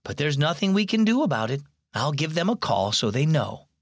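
A man reading a calm, gentle mother. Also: deep voice, a little fast, no echo, clean studio sound. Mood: reassuring. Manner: calm, reassuring. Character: gentle, faithful widowed mother.

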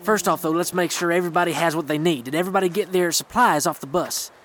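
An actor playing a folksy, rugged mountain guide who talks in a homespun drawl. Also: male voice, fairly high pitch, fast talker, fairly bright tone, close to an everyday voice. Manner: folksy drawl, says "reckon".

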